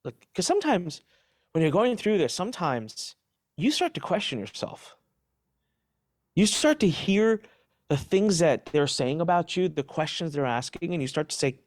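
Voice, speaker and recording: Middle-aged man, interview guest, animated and emphatic, dry sound. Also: fairly high pitch, normal speed, no echo. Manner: emphatic, animated retelling with restarts. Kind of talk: candid interview answers.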